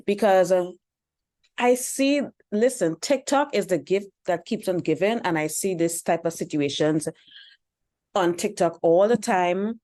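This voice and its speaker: A woman's voice: fairly low pitch, a little slow, mellow. A woman hosting a dating advice channel, speaking bluntly and preachily and repeating her points. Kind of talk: commentary on a reaction video.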